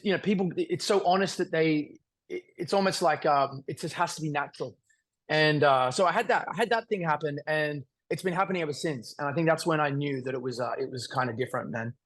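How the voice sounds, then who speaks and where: A man's voice: fairly high pitch, fairly bright tone. A man in his thirties with an Australian accent, talking casually as an interview guest in a rambling, earnest way with many fillers and restarts. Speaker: singer-songwriter guest.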